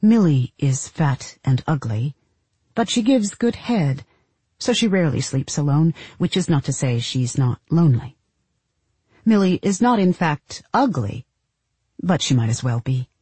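Low, husky woman narrating fiction slowly. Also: animated, warm tone, no room sound. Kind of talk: audiobook narration of literary fiction.

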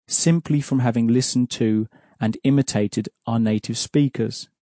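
A man leads an audio language lesson in a mellow, dark voice. He explains each rule patiently and keeps prompting the listener with questions. The sound is dry and close. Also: mid-range voice, no echo. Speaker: language teacher.

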